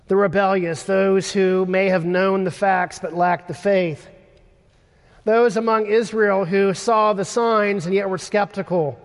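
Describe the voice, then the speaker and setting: A man delivers a sermon with a notably high voice, taking his time and leaning on measured pauses. His words carry a long reverb, as if spoken in a large hall. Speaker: preacher.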